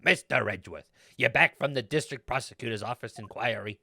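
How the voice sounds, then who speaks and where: A man voicing an earnest young male defense attorney in a video game, in a plain, lively voice close to his own. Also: mid-range voice, brisk, creaky, no echo, pitched below the performer's own voice, exaggerated voice.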